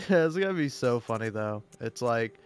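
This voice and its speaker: A man's voice: medium pitch, lively intonation, moderate pace, clean tone, faint music behind. A man giving sarcastic, profane, rambling commentary over a video game as he plays. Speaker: gaming video creator. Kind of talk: gameplay commentary.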